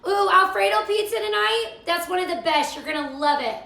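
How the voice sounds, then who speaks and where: A woman's voice: extremely high pitch, animated, a little fast, vocal fry, pushed and bright, roomy sound. A middle-aged woman hosting a live cooking stream, chatting and gushing while she reads viewer comments. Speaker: cooking show host.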